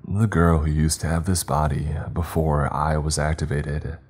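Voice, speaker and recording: Super deep dark guy narrating a creepy story, calm and measured. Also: slightly rough. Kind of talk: scripted horror narration. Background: faint music.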